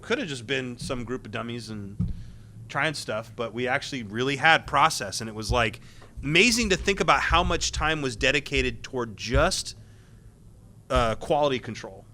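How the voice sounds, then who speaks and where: A man on a convention panel, recalling his years as a game tester. His voice is bright and forward, and he rambles with plenty of restarts and little laughs. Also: mid-range voice, expressive, normal speed.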